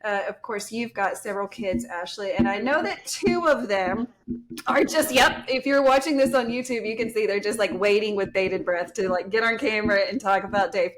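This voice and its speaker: Southern woman, podcast host, chatty and laughing, mid-pitched. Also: normal speed, crowd noise. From Texas. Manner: chatty, laughs often, says y'all. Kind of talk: casual podcast chat.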